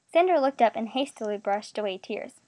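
A woman narrating a story aloud in an expressive, steady reading voice. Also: on the high side, fairly quick, dry recording.

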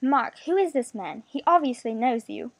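A woman's voice: on the high side, animated, moderate pace. A woman voicing a worried, loyal young man in a storybook reading, earnest and trembling.

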